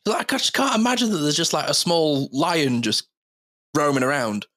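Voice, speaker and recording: A man's voice: a little high, sing-song, normal speed, a bit bright. Casual man podcast host. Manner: chatty, swears freely, laughs often.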